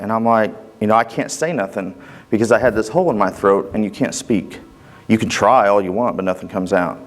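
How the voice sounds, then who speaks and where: In an earnest, conversational manner, a man with a lowish voice shares his personal testimony at church, acting out the dialogue as he goes.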